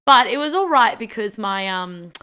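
A woman's voice: fairly high pitch, expressive, moderate pace, pushed and bright, smooth. A young Australian woman with an Australian accent, co-hosting a podcast in casual, teasing chat, laughing often. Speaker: podcast co-host.

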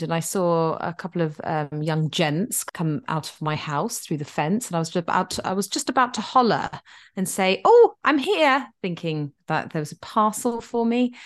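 Middle-aged woman, podcast co-host, lively storyteller with a lowish voice. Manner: animated storyteller, acts out quotes. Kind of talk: casual chat.

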